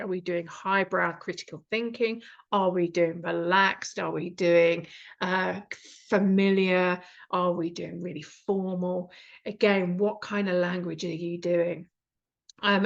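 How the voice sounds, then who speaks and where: A British woman leads a writing lesson over a video call, chatty and full of small asides and ums. Her voice sits at an everyday middle pitch. The audio is a little dull and lo-fi. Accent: British English. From Britain. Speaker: writing course instructor. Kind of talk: online teaching session.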